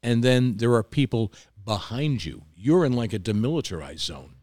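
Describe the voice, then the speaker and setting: Profane, animated male storyteller. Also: medium pitch, moderate pace, no echo, studio quality. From New York. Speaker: restaurant owner, guest. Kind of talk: casual storytelling.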